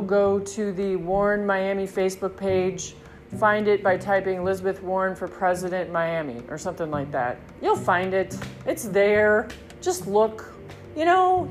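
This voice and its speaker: A woman hosting her own podcast in a rambling, excitable monologue, swearing freely. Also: medium pitch. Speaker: podcast host. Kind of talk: casual monologue.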